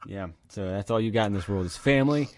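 Laid-back low-voiced man riffing. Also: fast, darkish tone, slight background noise. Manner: laid-back, riffs on the jokes, quotes movie lines. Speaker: podcast co-host. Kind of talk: casual chat.

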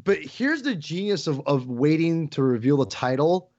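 A man talking as a podcast guest, excitable and rambling, often restarting his sentences. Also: fairly high pitch, normal speed, dry recording, dull audio. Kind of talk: casual chat.

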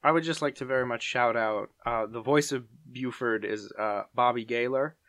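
A man's voice: medium pitch, normal speed, a bit bright, no room sound. A young man co-hosting a casual chat podcast, playful and fond of mimicking cartoon lines. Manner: playful, quotes cartoon lines in put-on voices. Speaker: podcast co-host.

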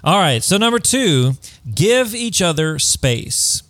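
A man's voice: high-pitched, very animated, takes it slowly, fairly bright tone, no echo. A man co-hosting a casual advice chat, talking in a conversational way and acting out quoted remarks. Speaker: podcast co-host.

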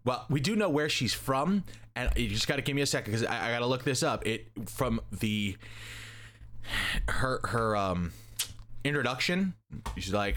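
A man's voice: mid-range voice, expressive, normal speed, a bit bright. A young man in casual chat, rambling and joking as he recaps a story and acts out the characters' lines. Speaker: podcast co-host recapping a comic.

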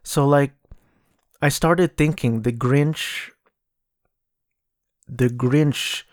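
A man's voice: medium pitch, drawn-out words, no echo, clean studio sound. A man hosting a casual solo podcast, rambling and correcting himself as he talks. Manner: rambling, self-correcting, mocking impressions. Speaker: podcast host.

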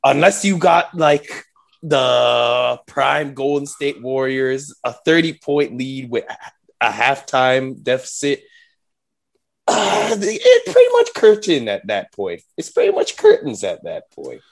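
Slow, gravelly-voiced man talking sports. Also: mid-range voice, very animated. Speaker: podcast guest. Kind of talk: casual sports chat.

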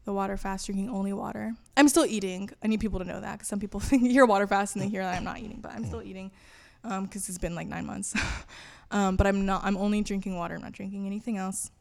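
A woman's voice: mid-range voice, steady tone, fast talker, creaky. Casting note: woman guest, candid and chatty, shares a personal faith story on a podcast. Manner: candid, laughing, frequent fillers. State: voice cutting out. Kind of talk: personal testimony interview.

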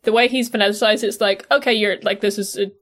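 A woman with a softened Irish accent from Cork, co-hosting a casual podcast discussion and rambling animatedly. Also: mid-range voice, quick pace. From Cork, Ireland. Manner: animated, rambling, self-interrupting. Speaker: podcast co-host.

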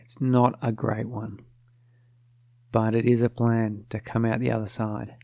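A man with a gravelly, slightly creaky voice narrates a first-person story. He talks casually and wryly, often pausing to correct himself. The sound is close and dry. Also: medium pitch, level tone, darkish tone, dry recording. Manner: casual, self-correcting, wry.

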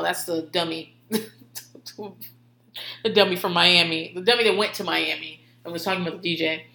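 A woman's voice: lowish voice, moderate pace, long pauses, pushed and bright. A woman telling rambling, profane stories in a casual way, laughing often. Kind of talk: casual storytelling. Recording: roomy echo.

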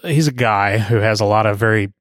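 A man's voice: on the low side, fairly quick, dry recording, clean studio sound. A man co-hosting a podcast, chatting casually and asking curious questions. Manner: curious, asks many questions. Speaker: podcast co-host. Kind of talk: casual chat.

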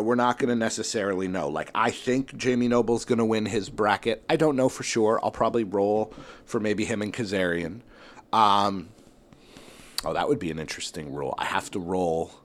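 A man hosting a solo wrestling tournament bracket show, thinking aloud in casual talk with lots of fillers and restarts. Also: on the low side.

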